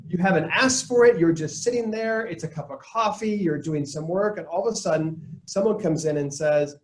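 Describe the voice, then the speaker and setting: A man presenting a live leadership webinar, coaching his audience in an energetic tone and acting out the lines he quotes. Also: high-pitched, brisk, hardly any pauses, echoey room, low-quality recording. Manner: energetic, coaching tone, quotes people in put-on voices.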